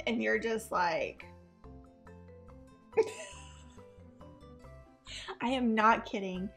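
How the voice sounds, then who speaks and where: A woman's voice: a little high, measured pace, long pauses, a bit bright, soft background music. A woman in her thirties, a mom chatting animatedly in a casual reaction vlog and laughing often. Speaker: vlogger, mom.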